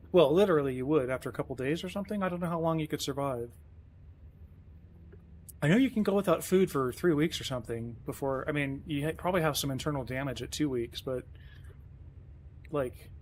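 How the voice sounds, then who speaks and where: A man streaming a truck game, chatting casually and rambling, often chiding himself as he plays. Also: fairly high pitch. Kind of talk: casual live-stream commentary.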